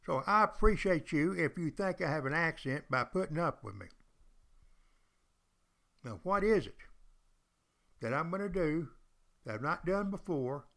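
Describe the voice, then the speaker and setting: A man's voice: fairly high pitch, pushed and bright. An older man, hosting a podcast in a folksy, chatty storytelling monologue aimed straight at his listeners. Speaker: podcast host and retired college teacher.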